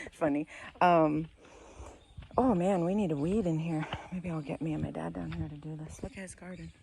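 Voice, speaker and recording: A woman's voice: low voice, steady tone, normal speed, gravelly, long pauses, darkish tone, a little hiss or hum. A woman vlogging outdoors in a garden, chatting casually, laughing often and losing her train of thought. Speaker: vlogger and mother. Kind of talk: casual rambling vlog.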